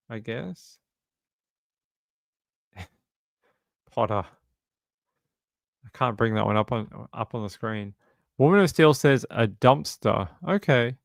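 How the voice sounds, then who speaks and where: A chatty Australian man in his forties hosts a casual livestream, answering his viewers and joking around. He often repeats himself as he talks. His voice comes through smooth and clear, close and dry with no room sound. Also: medium pitch, a bit bright, no echo. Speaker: livestream host. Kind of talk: casual live-stream chat answering viewers.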